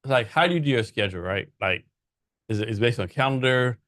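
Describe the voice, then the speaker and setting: A man's voice: mid-range voice, expressive, quick pace, a bit bright, no echo, studio quality. A man hosting a podcast, asking questions in a loose, casual way and swearing now and then. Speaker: podcast host. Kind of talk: casual interview talk.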